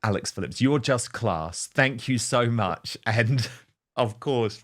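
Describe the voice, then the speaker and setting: A man hosting a political talk show, chatting and introducing clips in a quick, casual way. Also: fairly low pitch, expressive, a bit bright. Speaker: show host.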